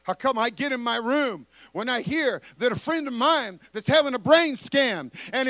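A man preaching a fiery sermon who calls on the congregation to answer back and builds his lines up into shouts. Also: very high voice, expressive, moderate pace, hardly any pauses, no echo.

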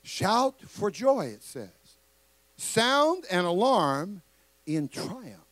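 A man preaching a fiery sermon who calls on the congregation to answer back and builds his lines up into shouts. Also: sits high, sing-song, very slow, dry recording.

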